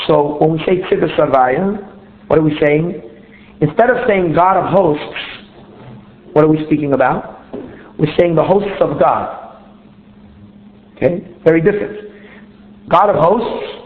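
A man teaching a religious text step by step, often asking himself questions and repeating words as he searches for the next one. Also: a little high. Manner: explains step by step, asks himself rhetorical questions. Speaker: Torah teacher. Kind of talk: text study lecture. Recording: tinny phone-line sound in a roomy space.

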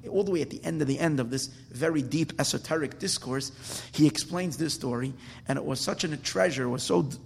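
A man's voice: medium pitch, creaky, husky. A man teaching a Torah class as a rabbi, enthusiastic and rambling with frequent restarts. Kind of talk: religious lecture. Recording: long hall reverb.

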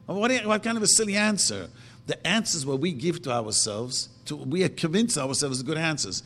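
A man preaching a sermon emphatically, asking rhetorical questions and slowly chanting verses. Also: on the high side, sing-song, fairly bright tone. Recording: long reverb of a hall.

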